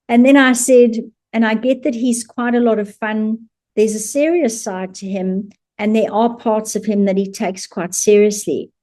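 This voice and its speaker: Warm-voiced woman telling an amused story. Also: a little high, steady tone, a little slow. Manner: chatty and amused, with frequent laughter. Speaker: animal communicator. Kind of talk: casual storytelling to camera.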